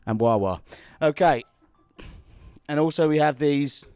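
A man's voice: on the high side, unhurried, a little mellow, clear, resonant tone, faint music behind. A British man hosting a podcast, casual chat recorded at a house party, often cutting himself off mid-sentence. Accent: British English. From Britain. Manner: rambling and self-interrupting. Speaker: podcast host.

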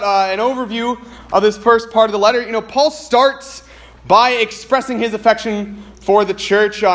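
A man preaching to his church, talking in a relaxed, conversational way and reading scripture aloud. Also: very high-pitched. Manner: conversational, uses casual fillers while reading scripture aloud. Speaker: pastor. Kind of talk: sermon.

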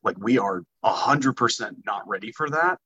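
A man in casual podcast chat, telling animated anecdotes and acting out the people in them. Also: fairly low pitch, moderate pace, breathy edge, highs cut off. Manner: animated anecdotes with acted-out quotes.

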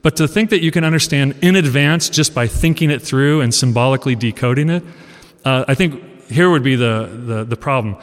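A college professor in his forties giving an animated, conversational talk, asking his audience questions and acting out lines. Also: mid-range voice, brisk. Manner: animated storyteller, acts out quoted lines. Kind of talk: casual lecture talk. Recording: long reverb of a hall.

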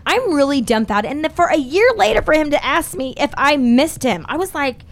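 A middle-aged woman hosting a podcast, telling a candid, profane dating story in animated casual chat. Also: high-pitched, brisk. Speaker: podcast host.

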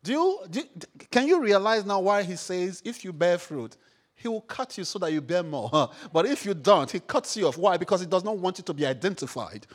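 A man preaching a sermon, repeating phrases, firing questions at the congregation and rising to shouts. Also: high-pitched, expressive, normal speed. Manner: call-and-response, repeats phrases, rises to shouts; rhetorical questions to the audience.

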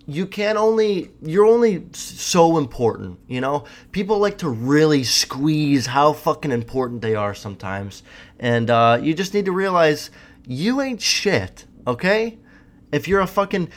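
A young man with a casual, profane, rambling storytelling style, hosting his own podcast, full of fillers and swearing. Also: medium pitch.

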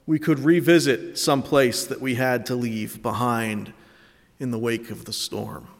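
A man in his late thirties from Connecticut preaching an Easter sermon, telling a story with reflective warmth and dry self-mocking humor. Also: medium pitch, long reverb tail. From Connecticut, USA. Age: late 30s. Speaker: pastor.

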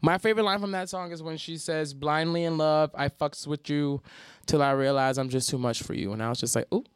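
A man co-hosting a casual podcast, animated and profane, breaking into sing-song quotes as he talks. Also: a little high, brisk, clear, resonant tone, dry recording. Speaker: podcast co-host. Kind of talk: casual chat.

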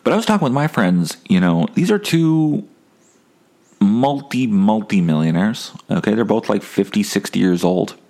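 A man's voice: lowish voice, lively intonation, moderate pace, warm tone. A man hosting a casual solo podcast, rambling and wry, swearing freely. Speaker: podcast host.

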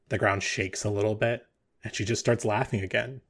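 A man's voice: fairly low pitch, fairly even intonation, fairly quick, a bit bright. A man narrating a tabletop game as game master, loose and rambling, with many fillers.

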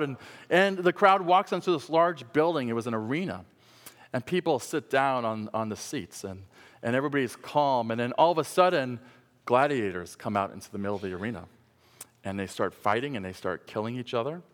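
A man preaching a sermon, telling a story that swings from loud shouts to hushed, quiet passages. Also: medium pitch. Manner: storytelling, rising to shouts and dropping to hushed tones. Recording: long hall reverb.

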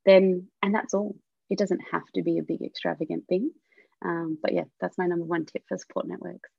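A woman guest on a podcast, a miscarriage and abortion coach, speaking openly and warmly about her own experience. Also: fairly low pitch, flat delivery, a little fast, vocal fry, husky, no echo, muffled recording. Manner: open, heartfelt, sharing personal experience. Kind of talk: candid podcast conversation.

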